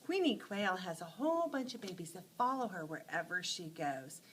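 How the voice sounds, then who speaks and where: A woman teacher telling short animal stories to teach letter sounds, acting out each sound with lively expression. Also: lowish voice, normal speed, poor audio. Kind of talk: phonics lesson storytelling.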